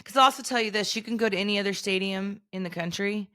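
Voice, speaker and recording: A woman's voice: medium pitch, quick pace, sharp tone, dry recording, studio quality. A middle-aged woman co-hosting a podcast, chatting casually, emphatic and swearing freely. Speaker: podcast co-host.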